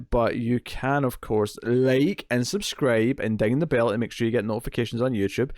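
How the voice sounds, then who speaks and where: A man's voice: medium pitch, a little mellow, no room sound, clean studio sound. A man hosting a horror movie podcast, chatting casually with a lot of fillers and jokes. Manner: rambling, filler-heavy, jokey. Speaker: podcast host.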